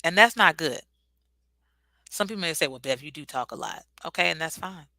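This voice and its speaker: Woman host, casual livestream chat, very bright tone, dry close sound, answers viewer comments. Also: deep voice, expressive, a little fast, no echo, rough recording.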